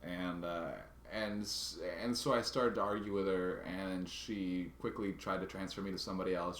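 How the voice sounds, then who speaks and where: A man vlogging casually, telling a story in a halting way and often restarting his words. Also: deep voice, fairly even intonation, echoey room, a little hiss or hum. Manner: halting, restarts and repeats words while recounting a grievance.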